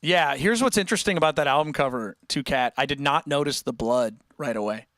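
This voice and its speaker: A young man chatting casually with viewers on his livestream, rambling and animated, with many restarts and fillers. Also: medium pitch, brisk, no room sound, studio quality. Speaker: musician hosting a livestream chat.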